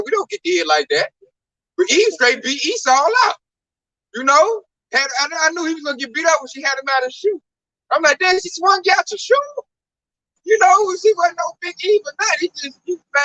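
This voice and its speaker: Recorded dry on a distant mic with no room sound, this very high-voiced man joins a casual religious discussion. His storytelling is animated, emphatic, and full of slang.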